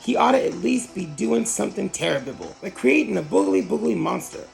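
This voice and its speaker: A storybook reader doing a loud, bouncy tiger who hams up every line, raised and lively with a gravelly edge. He swings his pitch all over. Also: a little fast, soft background music, low-quality recording. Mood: boisterous. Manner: loud, theatrical, dramatic.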